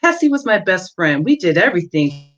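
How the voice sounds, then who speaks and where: Woman author reading her novel aloud. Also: on the low side. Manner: measured, steady reading pace with a few fillers between excerpts. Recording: dull lo-fi stream audio.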